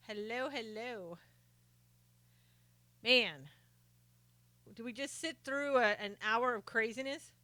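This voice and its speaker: A woman's voice: a little high, slow pace, pauses often, pushed and bright, no room sound. Sarcastic chatty woman live streamer. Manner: sarcastic, chatty, greets viewers by name. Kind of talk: casual political commentary live stream.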